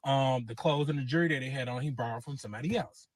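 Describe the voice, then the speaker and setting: A man, casually telling a long personal story and acting out every quote with lively cursing. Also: medium pitch, fast talker, no room sound. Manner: animated, acts out quotes with cursing. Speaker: guest telling his story.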